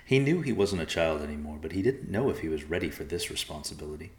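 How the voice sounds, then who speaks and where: Deep-voiced man narrating a storybook. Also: animated, quick pace. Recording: echoey room.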